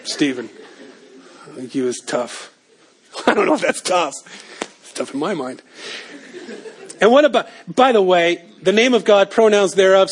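A man with a high, light voice preaching a sermon. He builds to emphatic peaks and then drops to quiet, low asides. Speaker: pastor.

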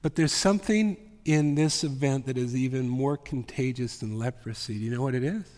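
A man preaching a sermon, swinging from full voice down to hushed whispers. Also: medium pitch, a little fast, in a large hall. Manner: dramatic, drops often to a whisper. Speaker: pastor. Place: church sanctuary.

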